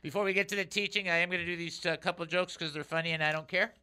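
A man's voice: high voice, very fast, clean tone. A man hosting a call-in radio show, joking around and reading Bible verses aloud. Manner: animated and joking, reads scripture aloud. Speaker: radio host.

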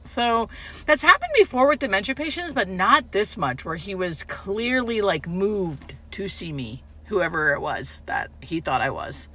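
A woman who works as a hospice nurse, casually telling a story to camera in an animated, expressive way. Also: mid-range voice, unhurried. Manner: animated, expressive retelling with quoted dialogue.

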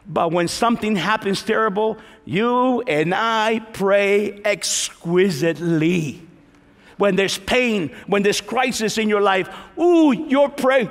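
A man pastor preaching a sermon to a congregation in a large church, animated, acting out prayers and teasing the listeners. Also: sits high. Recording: long reverb of a large hall.

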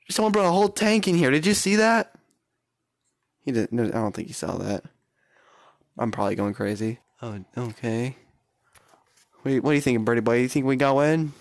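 A young man giving playful, excitable commentary while playing a VR game, often shouting and exclaiming. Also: medium pitch, dry recording, clean studio sound. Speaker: gaming YouTuber.

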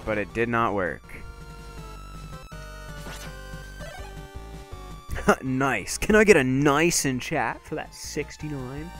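A man streaming a video game live, excitably talking himself through boss fights and swearing often. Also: medium pitch, measured pace, few pauses, faint music behind. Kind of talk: live gameplay commentary.

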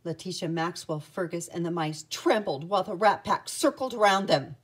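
A woman reading a children's picture book aloud with an expressive storytelling manner. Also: on the low side, moderate pace, slightly rough.

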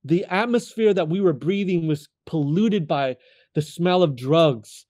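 A man in his thirties from California, telling his life testimony as a guest in an earnest, halting way, often repeating words as he restarts. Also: on the high side, a little mellow, no room sound, clean studio sound. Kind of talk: personal testimony storytelling.

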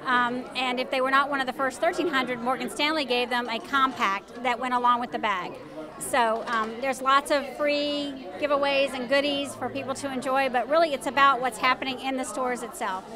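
A woman's voice: high-pitched, steady tone, normal speed, crowd noise. A woman organizing a downtown shopping event, answering interview questions with lots of ums. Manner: informative, many fillers. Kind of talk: on-the-street interview. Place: busy downtown street at night.

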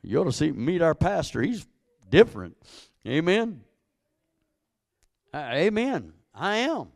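A man's voice: fairly high pitch, sing-song, measured pace, vocal fry, a little mellow, no echo. Male pastor, sermon, call-and-response, emphatic swells, dry close sound.

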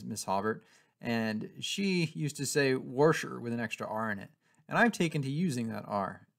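A man teaching a calculus lesson, explaining in a relaxed, conversational way with casual filler words. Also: mid-range voice.

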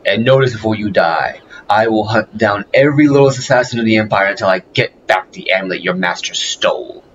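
A man's voice: on the low side, fairly quick, fairly bright tone, lo-fi sound, a little hiss or hum, lightly acted. A man voicing a proud stone guardian creature in a video game who speaks in stern, solemn declarations.

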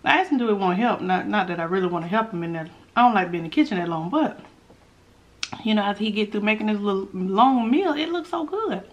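Lively, chatty woman eating on camera. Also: mid-range voice, highs cut off. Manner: chatty, talks straight to viewers as y'all; playful, drawn-out asides with hums and laughs. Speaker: food vlogger. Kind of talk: casual mukbang chat while eating.

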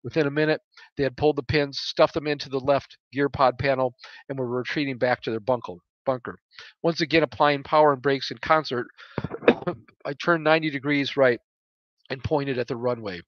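A man reading aloud from his own book in first person, tense, raising his voice for radio calls and dropping low for inner thoughts. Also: moderate pace, a bit bright, no room sound, lo-fi sound.

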